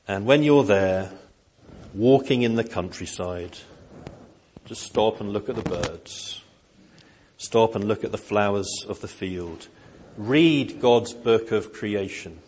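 A man preaching a sermon in a slow, gentle, earnest way, with emphatic rises. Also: lowish voice, a little hiss or hum. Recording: long hall reverb.

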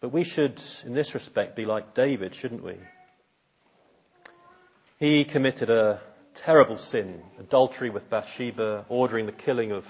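A man's voice: mid-range voice, breathy edge, highs cut off. A man preaching a sermon in an earnest, searching way, putting pointed questions to his listeners.

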